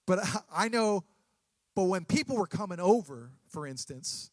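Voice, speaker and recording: An earnest male pastor in his thirties preaches a sermon, often stumbling and restarting mid-sentence. His voice sits fairly high for a man. The sound is dry and close, with little room echo. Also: lively intonation. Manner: earnest, halting with frequent restarts.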